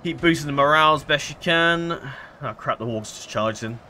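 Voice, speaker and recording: A man's voice: fairly high pitch, a little fast, pushed and bright, slight background noise. A man giving casual let's-play commentary, rambling and hesitant, full of fillers and self-corrections. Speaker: gameplay commentator.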